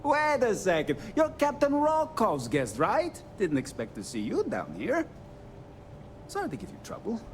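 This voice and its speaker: A man's voice: high-pitched, huge pitch swings, unhurried, slight background noise, full character voice. An actor voicing a nervous, apologetic male starship engineer in a video game, stammering through his lines with lots of fillers. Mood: hesitant.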